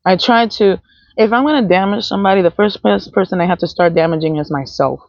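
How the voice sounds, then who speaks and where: A woman's voice: medium pitch, fast talker, gravelly, no room sound. A woman talking in a blunt, profane, rambling unscripted monologue as a vlogger. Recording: dull, dry, lo-fi sound.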